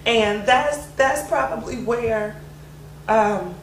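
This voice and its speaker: A woman's voice: on the high side, slow. A woman talking candidly about her late mother, reflective, with laughs between her thoughts. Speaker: grieving daughter sharing memories. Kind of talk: candid family conversation. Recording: roomy, distant mic, faint hiss.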